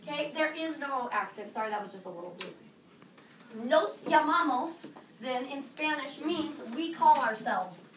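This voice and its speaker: A woman teaching a high school Spanish class, playful and lively, quizzing her students. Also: measured pace, slight background noise. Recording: echoey classroom from a distance.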